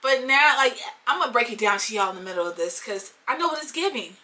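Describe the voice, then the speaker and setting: A young woman tells a storytime vlog straight to her viewers. Her talk is slangy and animated, with a sharp, bright tone and a somewhat high pitch. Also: fast talker, few pauses. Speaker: storytime vlogger.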